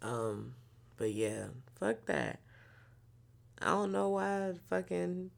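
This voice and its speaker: Animated, profane young woman storyteller. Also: lowish voice, slow, vocal fry, long pauses. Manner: animated, profane, swings between loud outbursts and quiet muttering. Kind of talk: casual storytelling monologue.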